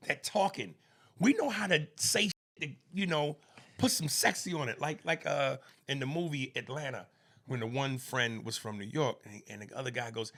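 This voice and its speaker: Husky gravelly-voiced man, lively comic delivery. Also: mid-range voice. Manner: animated, slips into quick impressions and jokey voices. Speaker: comedian podcast co-host. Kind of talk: casual comedic chat.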